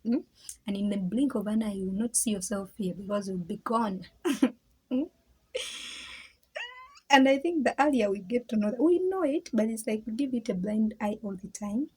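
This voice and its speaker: A woman's voice: on the high side, normal speed, mellow, poor audio. A woman talking casually and reflectively to her viewers, rambling, stammering, laughing often and dropping into whispers. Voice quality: very breathy, husky. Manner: drops into whispers. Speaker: vlogger.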